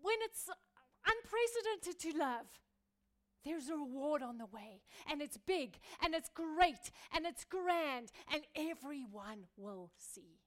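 A woman pastor preaching a sermon, building through repeated phrases and dropping from loud emphasis to a hushed near-whisper. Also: high voice, big pitch swings, takes it slowly. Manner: repetitive rhetorical building.

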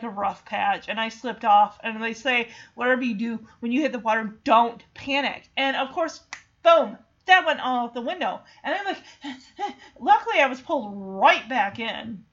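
A woman's voice: on the high side, a bit bright, highs cut off. A woman in casual chat retelling a film, chatty and emotional with many fillers.

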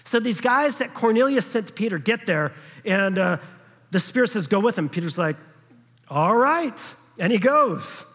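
A high-voiced man delivers a sermon with a husky edge, his words carrying a long reverb through a church hall. He keeps the preaching conversational, checking that his listeners are following and briefly acting out the voices in the story. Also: expressive, normal speed, fairly bright tone. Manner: acts out quoted voices in passing. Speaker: pastor.

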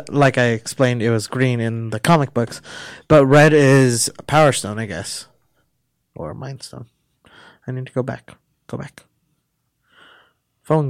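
A man's voice: medium pitch, clear, resonant tone, no room sound. A man in casual chat, giving short agreeing replies and explaining in a loose, hesitant way. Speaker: co-host.

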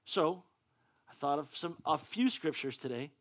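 Man, preacher, sermon, high-pitched, excitable, stammering restarts. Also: moderate pace.

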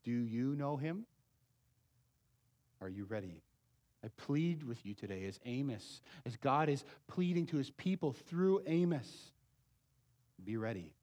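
A man preaching a sermon as pastor, pleading and emphatic, swinging between loud urgent passages and quiet low asides. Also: animated, measured pace, long pauses.

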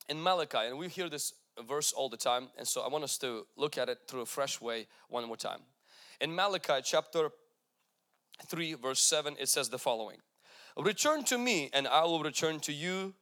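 A man's voice: mid-range voice, fairly bright tone. A man preaching a sermon, emphatic, with repeated calls to the congregation. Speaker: pastor.

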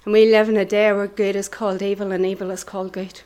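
A woman's voice: medium pitch, little pitch movement, quick pace, a little mellow. Woman, Northern Irish accent, middle-aged, church testimony, earnest preaching, drops into whispers. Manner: earnest and impassioned, dropping into whispers.

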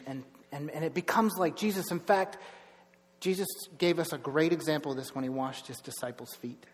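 A man's voice: on the high side, long reverb tail. A man preaching a sermon as pastor, conversational, with frequent restarts and asides.

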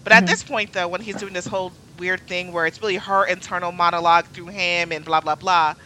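A woman's voice: fairly low pitch, flat delivery, brisk, bright, forceful tone, a little hiss or hum, low-quality recording. A woman in a casual podcast chat, talking bluntly and with open exasperation. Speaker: podcast co-host.

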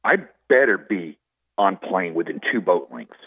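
A man's voice: low voice, animated, measured pace. A man who works as a fishing guide, talking plainly and emphatically as a guest. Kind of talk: casual chat. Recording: husky phone line.

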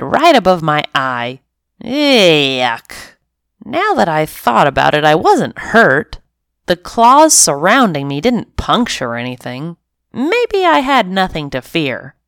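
Brief: female storybook narrator, low voice, lively inflection, unhurried. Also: smooth, no echo, clean studio sound. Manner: expressive, animated reading in first person. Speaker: story reader.

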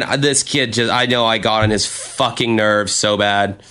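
A man's voice: medium pitch, fairly even intonation, moderate pace, few pauses, pushed and bright. A young American man reading his old journal aloud with a friend, self-mocking and swearing freely. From United States. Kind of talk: casual chat reading aloud.

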